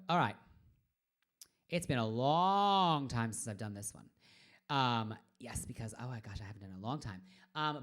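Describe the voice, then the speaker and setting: Rambling woman in her forties. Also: extremely low pitch. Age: 40s. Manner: rambling, trails off into murmurs and whispers. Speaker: drag performer hosting a live stream. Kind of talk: casual live-stream chat.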